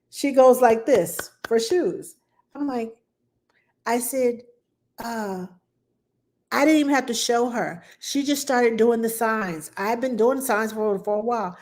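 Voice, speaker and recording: A nanny answering viewers' baby questions in casual talk, reassuring and lively, acting out baby sounds and repeating "yes" for emphasis. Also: female voice, fairly high pitch. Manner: animated, acts out baby talk and her own quotes.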